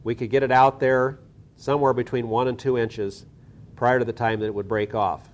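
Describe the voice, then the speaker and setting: A man's voice: medium pitch, little pitch movement, normal speed, a little hiss or hum. A man teaching soil science, talking methodically through a hands-on lab demonstration with small restarts.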